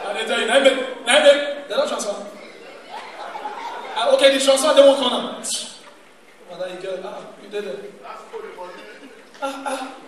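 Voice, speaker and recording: Nigerian male stand-up, high voice, picked up far off in a big echoing venue with a laughing crowd. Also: moderate pace, pauses often. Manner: animated, bursts into shouts, mimics characters. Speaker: stand-up comedian. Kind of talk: stand-up comedy in Pidgin. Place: large live comedy venue. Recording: echoey live hall from far off.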